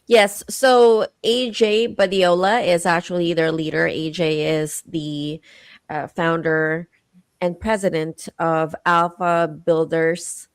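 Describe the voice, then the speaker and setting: A woman co-hosting a podcast, chatty and quick to laugh and tease. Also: on the low side, steady tone, clean tone, dry recording. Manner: laughing, teasing, warm storytelling. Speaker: podcast co-host. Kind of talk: casual interview chat.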